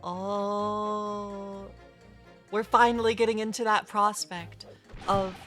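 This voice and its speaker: A woman's voice: mid-range voice, little pitch movement, slow, fairly bright tone. Casual woman livestreamer, self-deprecating, lots of fillers; faint game music underneath. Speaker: streamer. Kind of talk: casual live-stream commentary while reading game dialogue.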